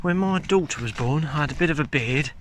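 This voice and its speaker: Walking in the countryside, a vlogger speaks casually and frankly to the handheld camera he's filming with. His voice is a little high, expressive and fairly quick. Faint outdoor ambience and a little hiss or hum can be heard.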